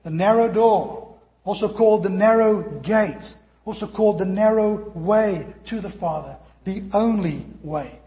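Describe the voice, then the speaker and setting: A man preaching a sermon as pastor, animated and putting questions to the congregation. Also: high voice, unhurried. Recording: echoey hall.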